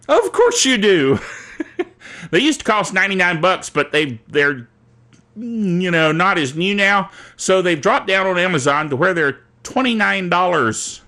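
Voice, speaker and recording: A man hosting a casual tech show, excitable and giggly, with jokey asides, talking into a studio microphone. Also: high voice.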